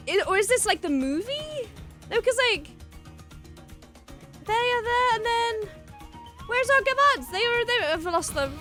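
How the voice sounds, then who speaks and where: A woman hosting a reaction video, talking fast and bursting into excited shouts and squeals. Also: very high voice, soft background music.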